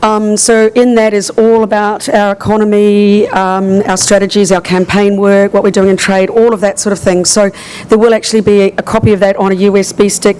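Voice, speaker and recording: Hoarse woman giving a flat, chatty talk. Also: mid-range voice, fairly quick, poor audio. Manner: chatty, many fillers. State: hoarse, voice partly lost. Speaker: tourism regional manager presenting. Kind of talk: conference presentation.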